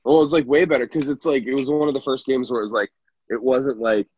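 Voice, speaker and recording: A man's voice: mid-range voice, steady tone, fast talker, a little mellow, husky, no room sound, dull audio. A man in casual podcast chat who rambles with many fillers, swears freely and laughs often.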